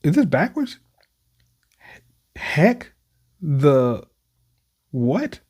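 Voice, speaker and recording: Slow, mellow man reacting to manga. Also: a little high, big pitch swings, slightly rough. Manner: reads panels aloud, frequent "says" and exclamations. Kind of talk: casual reading and reacting.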